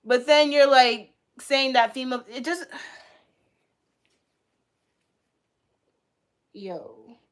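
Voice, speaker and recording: A woman's voice: sits high, very slow, pauses often. Heated, profane young woman streamer. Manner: heated, profane, repeats herself. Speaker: livestreamer. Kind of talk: casual live-stream reaction rant.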